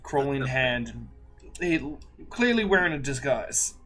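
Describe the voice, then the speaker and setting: A man's voice: mid-range voice, very animated, a little slow, over music. A man playing a tabletop game, chatting casually and laughing a lot. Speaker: player.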